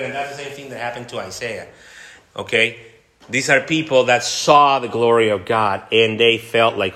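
Male pastor, bright forceful tone, impassioned sermon, roomy church echo. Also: mid-range voice, fairly even intonation, moderate pace. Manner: impassioned, repetitive, with many restarts.

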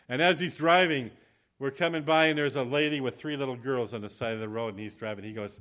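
A male preacher delivering a sermon in an animated storytelling manner, his voice at an ordinary middle pitch for a man. He talks to the congregation plainly and directly, then moves into a spoken prayer. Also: quick pace. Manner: animated, acts out quoted voices. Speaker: visiting preacher.

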